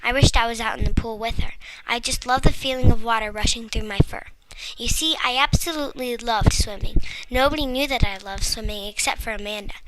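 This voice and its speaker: A woman reading a first-person children's story aloud in a lively, playful way. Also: fairly high pitch, fairly quick, very noisy. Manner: lively, playful storybook narration with comic similes.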